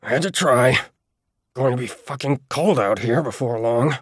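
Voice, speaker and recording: A man voicing a curt, irritable old man who is hurt and in pain, speaking in a gruff, terse way. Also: medium pitch, normal speed, dry recording, clean studio sound, pitched above the performer's own voice, natural voice. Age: older.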